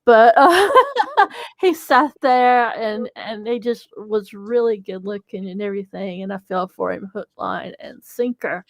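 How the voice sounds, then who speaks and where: A woman's voice: mid-range voice, measured pace, dry recording. A woman, a company co-founder telling a chatty, giggly story in an interview.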